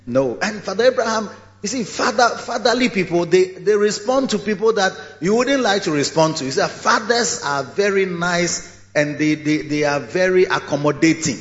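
A man preaching a sermon in a large church, telling the story in a lively way and acting out its scenes. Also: high voice, moderate pace. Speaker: pastor. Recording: echoey hall, dull lo-fi sound.

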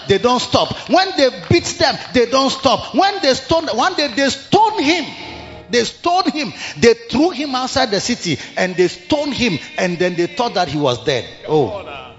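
A man's voice: high-pitched, fairly bright tone. A man preaching a sermon, dramatically acting out scenes and repeating call-outs. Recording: muffled hall sound with music.

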